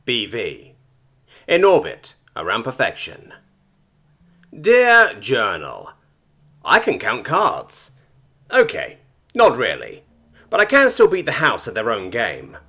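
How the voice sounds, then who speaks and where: A man's voice: medium pitch, huge pitch swings, takes it slowly, pauses often, bright, forceful tone, soft background music. A man narrating a first-person sci-fi story in a wry, casual, sarcastic way.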